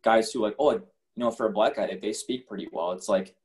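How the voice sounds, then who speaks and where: A man's voice: lowish voice, quick pace, darkish tone. A man in a casual podcast chat, rambling and restarting his sentences, with many fillers.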